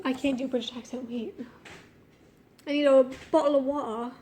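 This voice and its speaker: A woman with a high, steady, slightly mellow voice reads her own childhood story aloud at normal speed, pausing often. Easily distracted, she breaks off mid-sentence to mock it in a giggly, slangy, self-mocking way.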